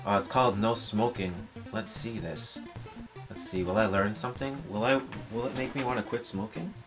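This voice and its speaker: A man's voice: lowish voice, normal speed, music in the background. A man giving casual, laid-back commentary while reacting to a cartoon. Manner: laid-back, laughing remarks. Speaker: reaction video host.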